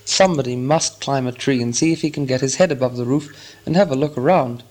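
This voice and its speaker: A man reading the part of a gruff, curt dwarf leader in an audiobook, speaking in his own voice. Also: medium pitch, quick pace, a little mellow, lightly acted. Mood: exasperated. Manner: curt, commanding. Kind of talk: audiobook character voice.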